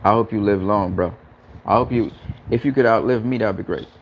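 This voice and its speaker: A man's voice: fairly low pitch, a little fast, slight background noise. A man hosting a casual live stream, talking earnestly and repeating himself with stammering restarts. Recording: lo-fi, faint background ambience.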